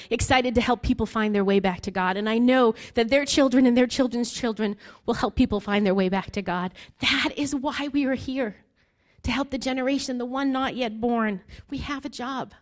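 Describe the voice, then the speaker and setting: A woman in her forties preaching an earnest sermon, building to emphatic appeals. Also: a little high. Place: church basement hall.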